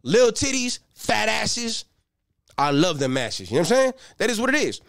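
A young male comedian works through a profane, streetwise stand-up set. His voice sits high for a man and swings widely in pitch. He breaks into shouted bursts, and the sound is dry and close. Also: very animated, normal speed, creaky, no echo. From Los Angeles. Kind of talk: stand-up routine.

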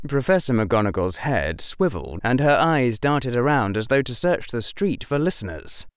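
A man narrating a fan fiction audiobook in a measured, unhurried manner. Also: mid-range voice, sing-song, clear, resonant tone, no echo, clean studio sound.

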